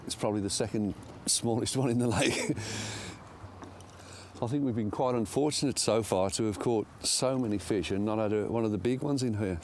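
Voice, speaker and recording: A man's voice: on the low side, normal speed, slight background noise. An older man, giving chatty, self-mocking commentary outdoors by a lake while he fishes. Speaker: angler presenter. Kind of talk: casual commentary while fishing.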